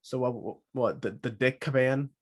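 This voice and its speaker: A man's voice: mid-range voice, steady tone, a little slow. A man hosting a solo podcast, talking casually with rambling, joking asides. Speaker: podcast host.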